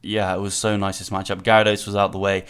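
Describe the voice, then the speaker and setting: A man's voice: on the low side, flat delivery, fast talker, a bit bright, clear, resonant tone. A man talks through his own live match as he plays, weighing each move aloud. He repeats lines to himself and scolds himself sharply when a move goes wrong. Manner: self-critical, thinking aloud, repeats himself. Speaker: gaming channel host. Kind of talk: live play-by-play commentary of a game.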